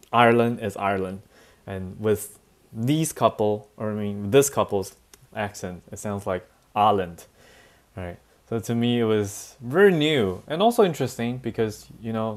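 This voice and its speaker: A man teaching a class, telling anecdotes in an animated way and mixing in English. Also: on the low side. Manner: animated storytelling, switching between languages, frequent laughs and fillers. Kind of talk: bilingual classroom lecture with anecdotes.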